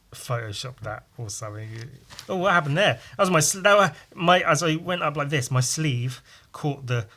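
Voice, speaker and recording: A man's voice: mid-range voice, fairly bright tone. A man hosting a podcast, chatting casually and swearing freely while he draws. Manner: chatty, swears casually, laughs at own stories. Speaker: podcast host drawing on stream. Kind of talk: casual rambling chat while drawing.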